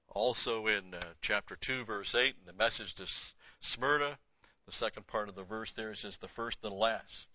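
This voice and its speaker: A lower-pitched man with a strikingly bright, forceful tone teaches through Scripture. He reads the verses with lifted emphasis and explains them in plain, offhand remarks. The sound is dry and close, though slightly dull. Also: no room sound. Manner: reads scripture aloud with rising emphasis, then explains in a casual aside. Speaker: Bible teacher.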